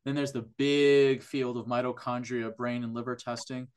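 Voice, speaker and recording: A man's voice: mid-range voice, level tone, normal speed, clean tone. A man who works in functional medicine, a guest on a podcast interview, explaining at length with enthusiasm and frequent restarts.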